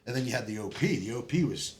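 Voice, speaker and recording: A man's voice: mid-range voice, quick pace. A man spins rowdy service stories in a casual podcast chat, his voice leaping up and down as he goes. He swears freely and keeps breaking into laughter. A faint hiss sits under the recording. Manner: animated, profane, laughs often while telling stories. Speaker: podcast guest telling war stories.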